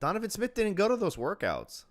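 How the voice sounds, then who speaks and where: Joking male co-host with a lively voice. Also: high voice, fairly quick. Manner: laughs often, joking. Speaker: podcast co-host. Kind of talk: casual chat.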